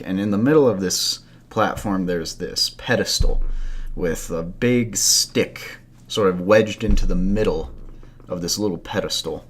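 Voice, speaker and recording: Deep-voiced man telling a campfire story. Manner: loose, conversational, with asides and fillers. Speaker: podcast host.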